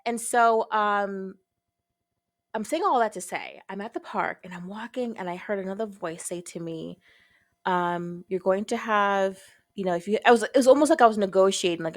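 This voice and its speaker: A woman talking as a podcast guest in a frank, candid way, her voice sitting at an ordinary middle pitch. She tells a personal story with plenty of expression and acts out her own past thoughts in short bursts. The sound is close and dry, with no room echo. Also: normal speed.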